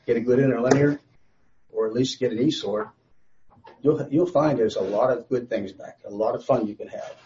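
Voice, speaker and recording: A man's voice: medium pitch, warm tone, a little hiss or hum. A man teaching a Bible study in a conversational, rambling way, often restarting his sentences. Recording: slightly dull lo-fi recording.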